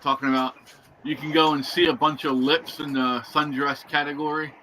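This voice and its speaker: A man's voice: fairly high pitch, level tone, normal speed, pushed and bright, a little hiss or hum, low-quality recording. A man hosting a casual group chat over a call, crude and joking, often laughing. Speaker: host.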